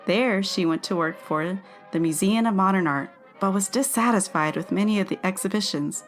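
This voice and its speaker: A woman's voice: medium pitch, normal speed, soft background music. A woman co-hosting a podcast, reading a history segment aloud and chatting casually, given to giggles and stumbling over words.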